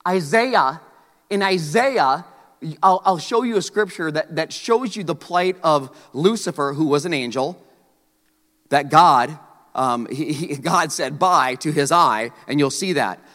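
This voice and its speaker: Animated, joking male preacher. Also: on the high side, unhurried, big-room sound. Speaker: pastor. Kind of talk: sermon.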